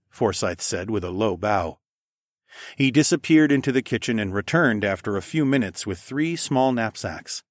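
A man narrating a first-person audiobook in a steady, even storytelling manner. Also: fairly low pitch, moderate pace, dry recording, studio quality.

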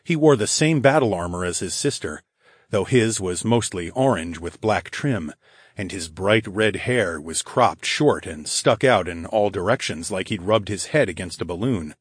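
Husky, low-voiced male audiobook narrator. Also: lively intonation, normal speed, no echo, studio quality. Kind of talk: first-person fantasy audiobook narration.

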